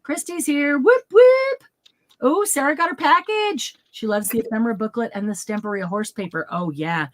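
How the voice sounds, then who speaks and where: A woman's voice: a little high, animated, brisk, few pauses. Bubbly woman hosting a craft stream. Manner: bubbly, laughs often, greets viewers by name. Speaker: craft show host. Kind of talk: casual livestream chat.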